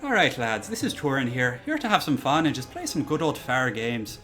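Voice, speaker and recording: A man's voice: medium pitch, sing-song, brisk, sharp tone, faint music behind. A man putting on a cheery Irish lad. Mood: jolly. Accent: put-on Irish. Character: cheery Irish lad greeting his viewers.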